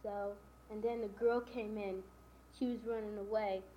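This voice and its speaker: Woman rambling through a story, flat voice. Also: medium pitch, measured pace. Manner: rambling, strings events with "and then" and "you know". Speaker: storyteller retelling a novel. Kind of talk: casual spoken plot retelling. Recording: dull lo-fi recording with faint hiss.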